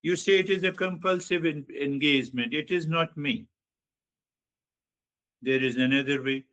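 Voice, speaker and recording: A man giving a slow, reflective spiritual teaching talk, guiding listeners inward with measured repetition. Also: fairly high pitch, fairly bright tone, dull audio.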